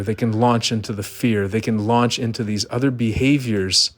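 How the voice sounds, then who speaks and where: A middle-aged man giving an earnest, emphatic monologue, asking rhetorical questions. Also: medium pitch. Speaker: vlogger. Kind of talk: personal monologue.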